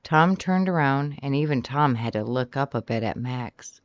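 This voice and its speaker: An audiobook narrator reading a romance novel in the first person, animated and shifting pitch often from line to line. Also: normal speed, no echo. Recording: slightly dull, dry recording.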